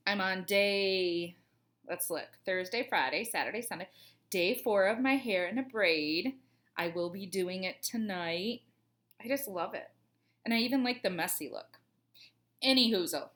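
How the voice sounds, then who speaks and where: A woman's voice: medium pitch, measured pace, a bit bright. Cheerful woman reading aloud. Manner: cheerful, chatty asides. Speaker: teacher reading a children's book.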